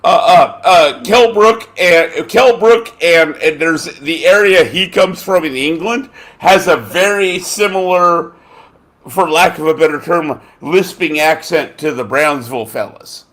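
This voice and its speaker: A podcast host rambles and curses through a casual chat, often fumbling for names amid plenty of filler words. His voice is slightly high and fairly bright, and he keeps a measured pace.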